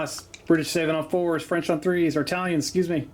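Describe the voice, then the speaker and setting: Background noise accompanies this casual battle report, recorded in a home basement, where a man calls tabletop wargame dice rolls. His fairly high voice is fairly quick with fairly even intonation, and he jokes and chats with lots of "uh" fillers.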